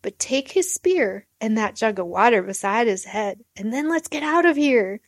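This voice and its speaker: A woman's voice: fairly high pitch, lively intonation, moderate pace, no room sound. A woman reading aloud the lines of a young male warrior-king, giving them raised emphasis. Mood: earnest.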